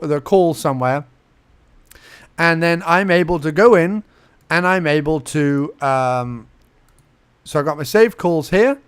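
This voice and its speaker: A man's voice: on the high side, clear, resonant tone. Chatty, playful man walking through a tutorial. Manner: chatty, playful, talks to himself while clicking. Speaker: podcast host giving a tutorial. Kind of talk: casual screen-recorded tutorial.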